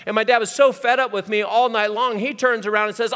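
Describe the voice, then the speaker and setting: A middle-aged male pastor preaching a sermon, telling personal stories that swing from loud to hushed. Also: high-pitched, fairly even intonation, fast talker, clear, resonant tone. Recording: hall reverb.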